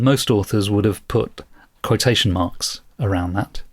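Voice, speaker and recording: A man's voice: medium pitch, animated, takes it slowly. A man co-hosting a book discussion podcast, talking in a thoughtful, self-deprecating way and explaining at length. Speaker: podcast co-host.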